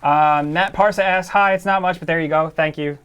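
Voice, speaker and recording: A man's voice: a little high, steady tone, normal speed, a bit bright, smooth. A man co-hosting a casual gaming livestream, rambling loosely with lots of fillers as he reads out viewer messages. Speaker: co-host of a gaming news stream.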